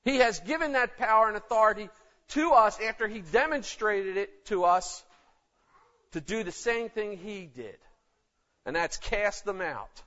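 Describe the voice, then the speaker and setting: A man's voice: high voice, animated, unhurried, sharp tone. A man preaching a sermon in an emphatic, conversational way. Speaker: pastor. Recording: dull lo-fi recording.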